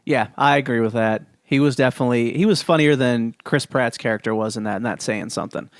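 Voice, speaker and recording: A man's voice: mid-range voice, fast talker, no room sound. Laid-back man hosting a podcast, dry sound. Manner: steers the topics, laid-back and matter-of-fact. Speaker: podcast co-host. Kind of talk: casual podcast chat.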